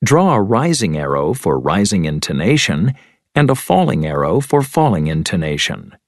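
A man reading textbook audio instructions in a slow, clear, measured way. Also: deep voice, very animated, no room sound, clean studio sound. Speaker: course audio narrator.

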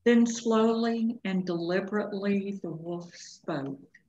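A woman teacher reading a storybook aloud in a slow, expressive way for a lesson. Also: mid-range voice, a little hiss or hum. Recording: echoey room, dull lo-fi sound.

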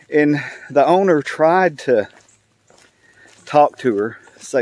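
A man's voice: fairly high pitch, animated. An older man telling a joke in a casual, rambling way, full of fillers and repeats. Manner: rambling, drawn-out storytelling with many fillers. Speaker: channel host.

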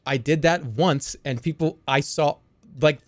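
A man's voice: on the high side, a little slow, no room sound. Rambling, stammering male streamer. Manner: rambling, stammering restarts, frequent swearing. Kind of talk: casual chat while gaming.

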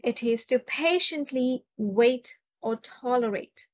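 A woman's voice: on the high side, slow. A woman with an Indian English accent teaching vocabulary, carefully pronouncing each word and reading example sentences. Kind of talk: slow, deliberate vocabulary lesson. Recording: dull lo-fi recording.

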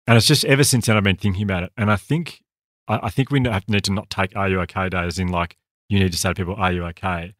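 Australian male podcast co-host, earnest and fast, dry close mic. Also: low-pitched, a bit bright, no room sound. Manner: earnest, talks quickly with restarts. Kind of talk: candid conversational storytelling.

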